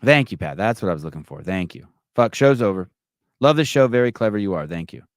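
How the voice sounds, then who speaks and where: A man's voice: sits low, very animated, brisk, dry recording, clean studio sound. A middle-aged man hosting a live call-in podcast, brash, mocking and profane in casual chat. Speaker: podcast host.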